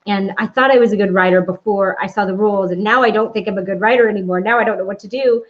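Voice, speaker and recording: A woman with a Southern US accent hosting a casual writing chat, effusive and quick to laugh. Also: medium pitch, fairly even intonation, highs cut off. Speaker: host.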